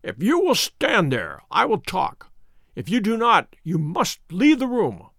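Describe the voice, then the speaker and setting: A man voicing a gravely ill, imperious male detective who speaks in a feeble, croaking voice. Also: sits high, huge pitch swings, a bit bright, dry recording, clean studio sound, pitched above the performer's own voice, heavily acted. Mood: feverish commanding. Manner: slow, strained, commanding.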